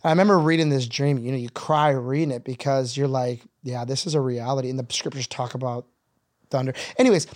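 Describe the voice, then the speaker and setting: A middle-aged man, a guest, tells a story in an earnest, conversational way at a middle pitch, a little fast, breaking now and then into excited, laughing bursts. The sound is close and dry with no room sound around it.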